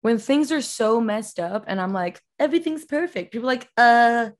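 A woman's voice: fairly high pitch, moderate pace. A woman in casual chat, reflective and rambling with many fillers.

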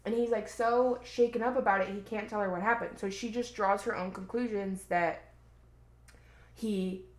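Woman, podcast co-host, casual rambling recap, middle-pitched voice, roomy echo. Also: fairly even intonation, normal speed. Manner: chatty, rambling, heavy use of "like". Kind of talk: casual chat recapping a book.

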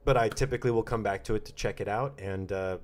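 A man's voice: fairly low pitch, quick pace. A man co-hosting a podcast in casual chat, joking and rambling between topics. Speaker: podcast co-host.

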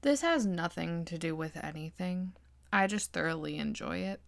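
A woman's voice: lowish voice, expressive, moderate pace, creaky, dry recording. A woman hosting a podcast, casually recapping a movie in a rambling, profane, giggly way.

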